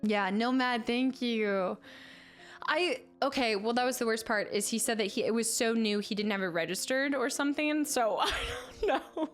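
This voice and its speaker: A woman's voice: on the high side, normal speed, soft background music. A young woman streamer chatting casually, telling a long story with lots of laughter. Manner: animated storytelling, frequent laughter. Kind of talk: casual chat.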